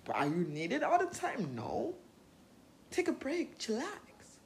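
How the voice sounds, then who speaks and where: A woman's voice: on the high side, wildly swooping pitch, slow, a little hiss or hum. A woman hosting a podcast, giving casual self-help talk in a blunt, profane and playful way. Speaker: podcast host.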